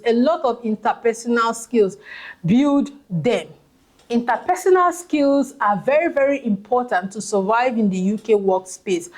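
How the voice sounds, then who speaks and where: A woman's voice: fairly high pitch, a little mellow. A woman with a Nigerian accent giving advice in a casual vlog, emphatic and repeating key phrases for stress. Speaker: vlogger.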